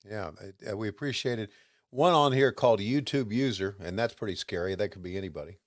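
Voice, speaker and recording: A man co-hosting a podcast, making quiet, wry asides. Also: on the low side, a little fast, no room sound, studio quality. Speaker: podcast co-host. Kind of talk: casual chat.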